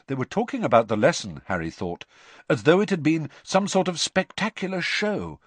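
Expressive male audiobook narrator. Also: fairly high pitch, moderate pace, no echo.

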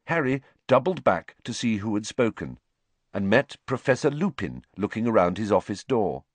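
A man narrating an audiobook, reading with lively character work. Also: fairly low pitch, moderate pace, no echo.

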